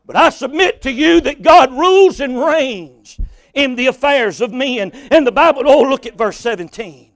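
A man preaching a sermon, building from steady reading to impassioned shouts and cries. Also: extremely high pitch, moderate pace, dry recording.

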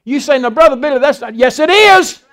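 A man's voice: extremely high pitch, animated, brisk, fairly bright tone. An older man, a pastor preaching a folksy sermon and acting out Bible dialogue.

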